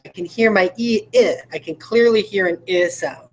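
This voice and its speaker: A woman's voice: fairly low pitch, expressive, moderate pace, hardly any pauses, slight background noise. A woman teacher giving a recorded video lesson, explaining each step patiently and checking in with questions to her listeners. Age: adult parent.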